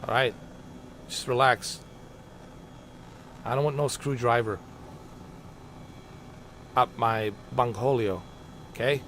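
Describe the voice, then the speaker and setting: A man's voice: mid-range voice, takes it slowly, long pauses, fairly bright tone, a little hiss or hum. Exasperated man rambling over gameplay. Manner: exasperated comic rambling with muttered asides. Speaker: livestreamer. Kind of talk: casual gaming commentary.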